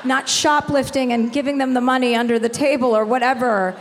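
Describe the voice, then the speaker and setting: A woman in her forties tells stories frankly, with a good deal of profanity. Her voice sits a little high, and a long reverb from a large hall trails after her words. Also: fairly even intonation, a little fast, slight background noise. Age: 40s. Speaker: author guest on stage. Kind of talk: candid live conversation.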